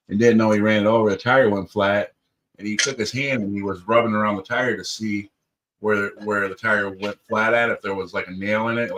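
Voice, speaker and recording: A man's voice: lowish voice, fairly bright tone, low-quality recording. A man chatting casually on a livestream, rambling through stories with lots of "or whatever" fillers. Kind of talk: casual chat.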